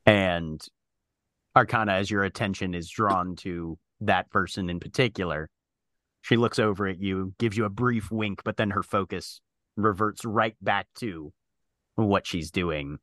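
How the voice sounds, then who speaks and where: Acting as game master for a tabletop role-playing game, a man narrates scenes haltingly, filling gaps with frequent fillers. His voice is low-pitched with a fairly bright tone and no echo.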